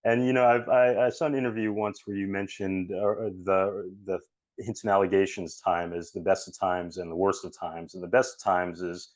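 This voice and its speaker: Man, interview host, low pitch, dry close sound, halting enthusiastic questions. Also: little pitch movement, dry recording.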